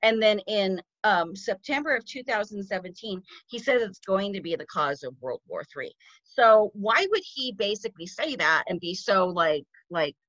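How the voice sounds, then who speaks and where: A woman co-hosting a casual podcast, chatting quickly with many likes and restarts. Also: mid-range voice, lively intonation, fairly bright tone, no room sound, lo-fi sound. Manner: quick, lots of fillers and restarts. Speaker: podcast co-host. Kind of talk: casual chat.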